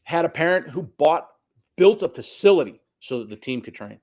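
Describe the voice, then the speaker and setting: A middle-aged high school soccer coach tells stories at normal speed in a casual conversation. An animated storyteller, he acts out quotes and swears now and then.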